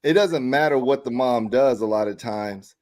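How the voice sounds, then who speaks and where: A man co-hosting a podcast in casual chat, telling stories with animated, acted-out quotes. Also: medium pitch, moderate pace. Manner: animated storyteller acting out quoted arguments. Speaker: podcast co-host.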